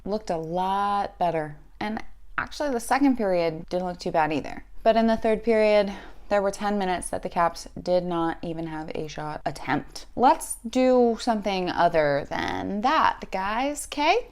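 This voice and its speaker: A woman giving a casual fan reaction, telling a story in a wry, profane, animated way. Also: medium pitch, clear, resonant tone. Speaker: sports fan vlogger.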